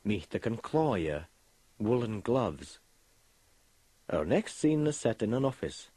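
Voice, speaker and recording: A man presenting a language course in scripted lesson narration, with a slow, careful teaching delivery. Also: fairly low pitch, big pitch swings, mellow, breathy edge, no room sound.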